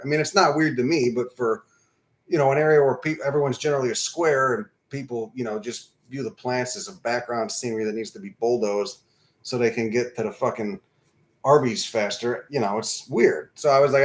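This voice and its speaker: A man in his thirties hosts a livestream, chatting casually and swearing freely as he drifts from topic to topic in a laid-back, rambling way. His voice is medium-pitched and fairly quick.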